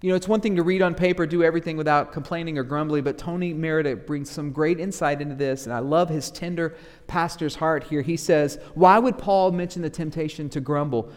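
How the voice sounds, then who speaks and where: A man preaching with animated, rising emphasis and a slightly high voice. His words ring out with a long reverb, as in a church sanctuary. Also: fairly quick. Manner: animated preaching, acts out grumbling church members in asides. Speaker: pastor. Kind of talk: sermon.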